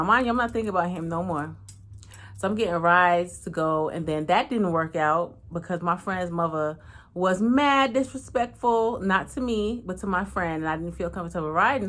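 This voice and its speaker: A woman tells a personal story casually. She talks frankly and slangily, swears freely, and acts out each person's lines. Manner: animated, acts out every voice with big pitch swings. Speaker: channel host.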